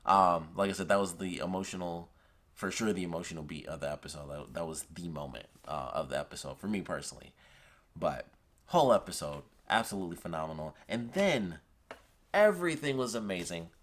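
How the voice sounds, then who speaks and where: A man's voice: low-pitched, expressive, brisk, fairly bright tone. A man reviewing a TV episode in a casual, enthusiastic and rambling way, retelling scenes with lots of "like".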